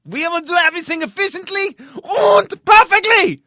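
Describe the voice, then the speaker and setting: A man putting on a strict German male flight attendant voice, shouting clipped orders. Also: a little high, expressive, fairly quick, breathy edge, no echo. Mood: barking.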